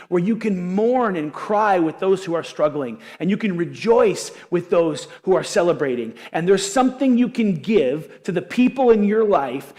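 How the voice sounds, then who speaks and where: A male pastor preaching a sermon in an animated, conversational storytelling manner. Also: a little high, in a large hall. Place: church auditorium.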